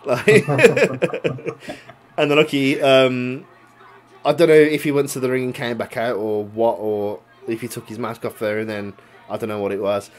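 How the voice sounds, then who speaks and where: A man's voice: medium pitch, measured pace. A young man tells a story in casual chat, swearing a lot and laughing along as he goes. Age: young adult. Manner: swears a lot, recounts a grudge; laughs while telling the story.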